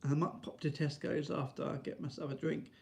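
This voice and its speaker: A man's voice: steady tone, fairly quick, gravelly, a little mellow. A man rambling to camera in a casual vlog, restarting often and tagging lines with "right?". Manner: high sing-song baby talk to his dog. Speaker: vlogger.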